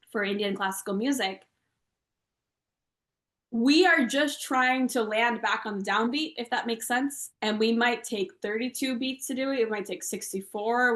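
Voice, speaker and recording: A woman composer and singer talks through her music in a relaxed interview, chanting rhythm syllables and counting beats out loud. She speaks over a video call from a room with a noticeable echo. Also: a little high. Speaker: guest composer and Carnatic singer. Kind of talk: conversational interview explanation. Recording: roomy echo.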